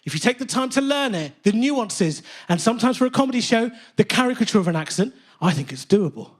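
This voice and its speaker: A British man doing stand-up on a theatre stage, animated, profane and mock-indignant. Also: very high voice, brisk. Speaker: stand-up comedian. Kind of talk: stand-up comedy. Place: theatre stage with live audience.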